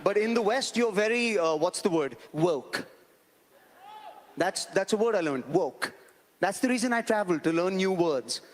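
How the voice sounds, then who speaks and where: A man's voice: high-pitched, animated, a little slow. A man with an Indian accent from India, performing a stand-up comedy set in a large live venue with a wry, ironic delivery. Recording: reverberant hall with live audience and noise.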